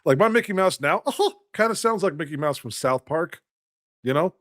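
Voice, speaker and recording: A chatty man with a smoker's voice, a podcast guest. His pitch rises and falls with lively energy, and his voice sits slightly high. He is recorded close and dry. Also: moderate pace, no room sound. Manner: animated, chatty. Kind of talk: casual podcast chat.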